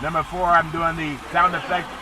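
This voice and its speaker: High-voiced man hosting a sports podcast. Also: little pitch movement, normal speed, background noise. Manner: rambling, jokey, sing-song asides. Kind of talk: solo sports podcast monologue.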